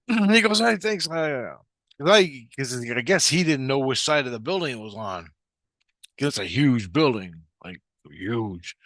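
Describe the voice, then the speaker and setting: Bright-voiced, cursing male storyteller. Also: medium pitch, lively intonation, unhurried, no room sound. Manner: profane, meandering, with frequent restarts. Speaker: spiritual vlogger. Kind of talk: rambling personal storytelling.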